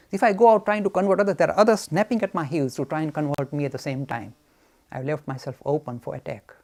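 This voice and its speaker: Male religion speaker, lively and gravelly, emphatic in a question-and-answer session. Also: a little high. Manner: emphatic, animated, telling anecdotes. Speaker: speaker on Hinduism. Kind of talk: lecture answering audience questions.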